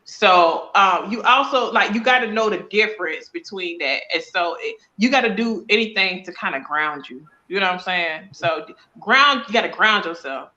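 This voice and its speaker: A woman, a psychic medium, chatting casually as an interview guest, slangy and animated, acting out little dialogues as she explains. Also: mid-range voice, normal speed, hardly any pauses, muffled recording.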